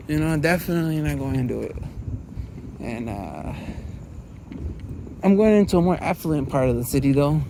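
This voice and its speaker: A man's voice: a little high, lively intonation, normal speed, pauses often, mellow, a little hiss or hum. A man walking through his neighborhood, talking in a loose, rambling vlog monologue, laughing often. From Los Angeles area. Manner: chatty, laughs often, many fillers. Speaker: vlogger.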